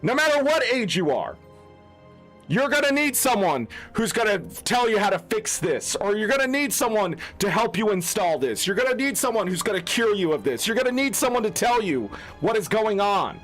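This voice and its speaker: A man's voice: high voice, big pitch swings, normal speed, fairly bright tone, faint music behind. A man who streams games, ranting in an unscripted, heated, profane way. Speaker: gaming streamer. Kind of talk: unscripted rant.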